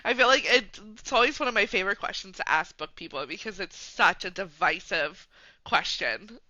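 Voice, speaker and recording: A woman's voice: mid-range voice, lively intonation, moderate pace, sharp tone, no room sound. A woman hosting a podcast in a casual chat, giggling and laughing often. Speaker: podcast host. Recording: dull lo-fi dry sound.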